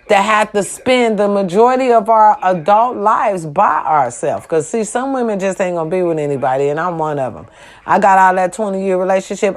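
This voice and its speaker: A woman hosting her own vlog, talking bluntly and emphatically in a casual, slangy, preachy way as she hands out advice. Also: mid-range voice. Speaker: vlog host. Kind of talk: casual direct-to-camera advice talk.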